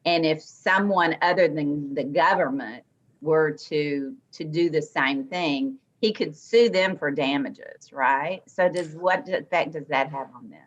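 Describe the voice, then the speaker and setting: A woman on the bench questions an attorney in a notably low voice, taking her time and pausing as she works out what to ask. The audio is dull and lo-fi. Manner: slow, tentative, with fillers and restarts while forming a question. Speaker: judge questioning counsel. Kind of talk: courtroom questioning.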